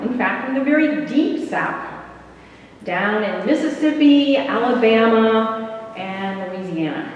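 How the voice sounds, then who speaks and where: A woman in her fifties from the American South, giving a measured, deliberate talk as a panel speaker in a church, pausing for emphasis. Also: a little high, a little hiss or hum. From American South, North Carolina. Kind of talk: prepared talk at a church program. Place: large church hall. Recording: dull echoey hall recording from far off.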